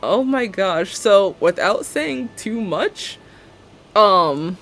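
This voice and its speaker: A woman's voice: medium pitch, expressive, drawn-out words, fairly bright tone, faint music behind. A young woman live-streaming a building game, chatting casually and sarcastically and laughing often.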